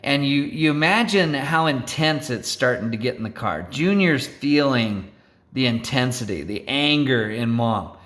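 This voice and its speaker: A man telling a road-rage story to an audience in an animated, theatrical way, often checking in with "right?" and "okay?". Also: mid-range voice, a little slow. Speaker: storyteller speaker.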